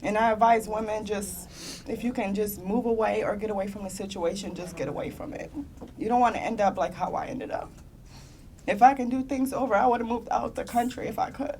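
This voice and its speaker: In a meeting room, a young woman on a conference panel tells her own story earnestly, her emotion often bringing her near tears, with bursts of rueful laughter. Her medium-pitched voice is a little fast and slightly mellow, with slight background noise.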